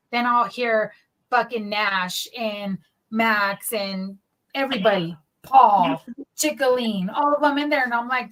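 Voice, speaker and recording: A woman's voice: fairly high pitch, measured pace, fairly bright tone, rough recording. A woman hosting a casual podcast chat, blunt and swearing freely as she acts out quoted dialogue. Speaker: podcast host.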